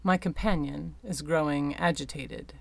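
A woman voicing a composed, polite male debt collector who speaks quietly and formally. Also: deep voice, measured pace, creaky, no echo, heavily acted.

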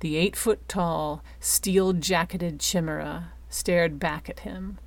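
Woman reading a story aloud, slow and lowish voice, dry close sound. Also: fairly even intonation, vocal fry, dry recording. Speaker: narrator. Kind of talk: audiobook narration.

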